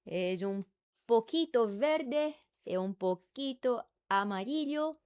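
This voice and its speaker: A woman on a livestream putting on an overheated, theatrical voice that gushes about a color in high, exaggerated exclamations. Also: expressive, takes it slowly, darkish tone, smooth. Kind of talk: playful put-on bit on a livestream.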